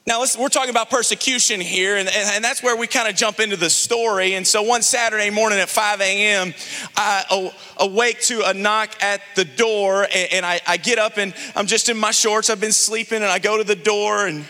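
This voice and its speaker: A man from the Houston area, a pastor preaching a sermon to a congregation, telling a humorous story with animated restarts. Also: high-pitched, brisk, in a large hall. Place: church sanctuary before a congregation.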